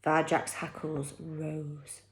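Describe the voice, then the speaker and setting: A woman reading a children's novel aloud chapter by chapter, with expressive, dramatic storytelling. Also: sits low, slow pace, slight background noise.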